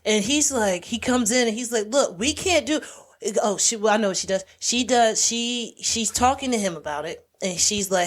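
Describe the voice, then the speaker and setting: A woman co-hosting a podcast recounts a movie's plot in a casual chat, animatedly performing the characters' lines. Her voice sits on the high side at normal speed.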